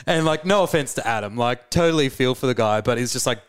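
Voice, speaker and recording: An Australian man, a musician co-hosting a podcast, tells a tour story in a relaxed, chatty way, with easy laughs. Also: medium pitch, fast, clean tone. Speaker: touring musician, podcast co-host. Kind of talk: casual storytelling chat.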